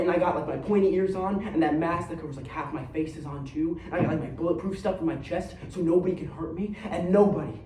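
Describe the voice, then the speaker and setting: A man's voice: a little high, mellow, slight background noise, natural voice. An actor on a theater stage playing a streetwise young man who believes he is Batman, talking in slang and acting out fights with sound effects. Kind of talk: theatrical monologue. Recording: echoey stage recorded from far off.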